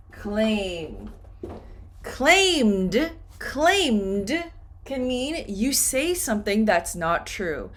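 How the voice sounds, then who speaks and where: A woman teaches English pronunciation at a very slow, deliberate pace. She says each word twice and stretches it out clearly for learners. Her pitch rises and falls in a lively, animated way. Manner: repeats words slowly and clearly for learners.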